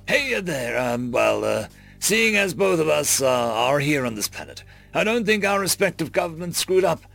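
Guy doing a laid back folksy settler, drawly and gravelly, friendly. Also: on the high side, moderate pace, faint music behind, heavily acted. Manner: drawling, relaxed, homespun phrasing. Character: folksy male human settler, easygoing and friendly.

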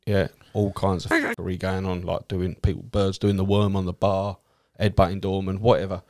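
A cab driver and comedian from Essex, England, tells anecdotes in casual chat, his voice low-pitched and his speed normal. He swears freely and acts out the people he quotes in a lively way.

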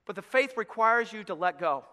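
A man preaching a sermon as pastor, telling the story with acted-out voices, going from quiet asides to loud shouts. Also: high-pitched, animated, normal speed. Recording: long hall reverb.

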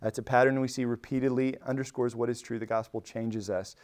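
A man leads a church Bible study in a conversational, animated way, speaking at medium pitch and a little fast. He often restarts phrases and acts out quoted lines with rising emphasis.

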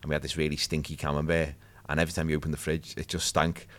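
Deep-voiced jokey man. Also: little pitch movement, very fast. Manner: chatty, jokey, self-deprecating. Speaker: podcast co-host. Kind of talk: casual chat.

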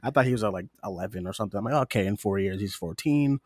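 A man in his twenties co-hosting a podcast, chatting in an animated way with laughs and quick asides. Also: on the low side, no echo, clean studio sound. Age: 20s. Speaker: podcast co-host. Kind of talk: casual chat.

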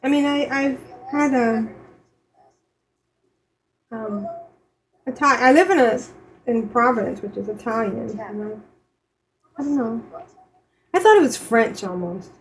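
A woman's voice: a little high, a little slow, pauses often, a little hiss or hum, low-quality recording. A woman co-hosting a podcast, chatting casually and often restarting her sentences mid-thought. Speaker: podcast co-host. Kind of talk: casual chat.

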